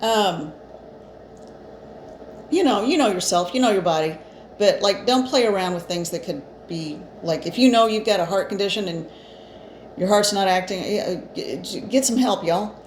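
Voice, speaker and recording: A woman's voice: mid-range voice, animated, moderate pace. A woman giving a casual spiritual card reading, chatty and reassuring, with fillers and restarts, a bit short of breath. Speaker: psychic reader. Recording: echoey room, faint ambient noise.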